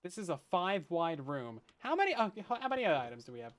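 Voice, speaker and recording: A man's voice: on the high side, sing-song, quick pace. A man streaming a survival game, chatting casually with viewers in a joking, self-deprecating way and laughing often. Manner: rambling, chatty asides. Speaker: Minecraft streamer. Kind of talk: casual let's-play chat with viewers.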